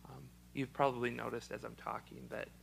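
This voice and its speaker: A young man, speaking haltingly in an interview with a choked, froggy-sounding voice. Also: medium pitch, steady tone, gravelly, sharp tone, a little hiss or hum, low-quality recording. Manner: halting, with many ums and restarts. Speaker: special education teacher. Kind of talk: casual personal testimony.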